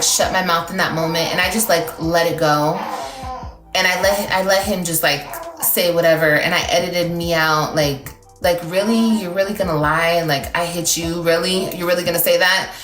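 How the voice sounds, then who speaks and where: A woman pours her story out to her livestream viewers in a low voice, looping back and stacking "like" fillers as she gets worked up. She talks into a phone in an echoey room, with faint music underneath. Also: fairly bright tone. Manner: rambling, emotional, heavy with "like" fillers. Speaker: TikTok livestreamer. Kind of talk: casual livestream talk to viewers.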